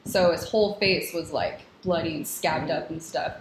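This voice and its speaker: A woman's voice: low-pitched, normal speed. A young adult woman, an X-ray technologist, telling stories as a guest in a casual podcast conversation, chatty and full of "like". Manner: chatty, filler-heavy storytelling with frequent "like". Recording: roomy room with background noise.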